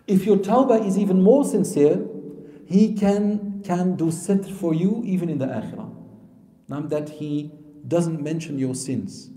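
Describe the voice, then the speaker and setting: A man delivers a sermon at a moderate pace, swinging between loud, emphatic lines and soft, low asides. He often poses questions to the audience and answers them himself. The hall is echoey, with long reverb.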